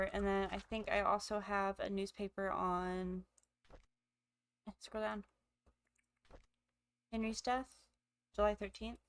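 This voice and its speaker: A woman with the hiccups giving excitable let's play commentary, thinking aloud as she plays. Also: mid-range voice. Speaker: gamer.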